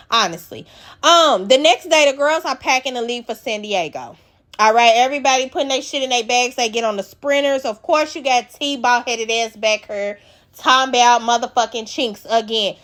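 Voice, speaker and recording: A woman's voice: high voice, fairly bright tone. A woman host giving a blunt, profane, emphatic recap of a reality show episode. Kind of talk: casual recap commentary.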